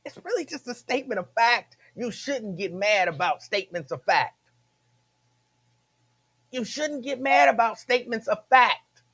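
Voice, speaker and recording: A man's voice: on the high side, a bit bright. Emphatic talk-radio host, a man. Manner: repeats phrases, emphatic, laughs between points. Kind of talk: casual talk-radio monologue.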